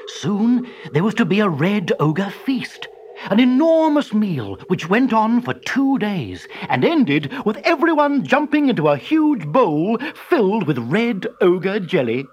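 A narrator reading a children's storybook aloud in a slow, expressive way. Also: medium pitch, lo-fi sound, slight background noise.

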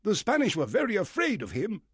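Man doing a keen country squire, raised pitch, emphatic. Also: wildly swooping pitch, a little fast, husky, dry recording, studio quality, full character voice. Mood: eager. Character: excitable gentleman squire, middle-aged man.

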